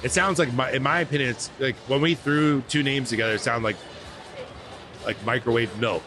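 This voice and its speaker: A man's voice: medium pitch, a little fast, noisy background. A man co-hosting a casual podcast, laid-back and often swearing. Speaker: convention co-owner. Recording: loud music playing behind.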